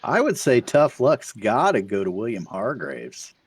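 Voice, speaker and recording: A man co-hosting post-race interviews, lively and joking. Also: on the low side, unhurried, husky, no room sound. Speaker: co-host. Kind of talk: casual commentary.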